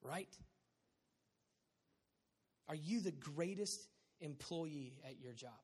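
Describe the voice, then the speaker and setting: Guy pastor preaching, kinda high voice, jokey and animated, long echo from a big church hall. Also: slow pace, slightly rough. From Southern California. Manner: animated, joking preacher with sudden loud bursts. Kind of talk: sermon. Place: church sanctuary.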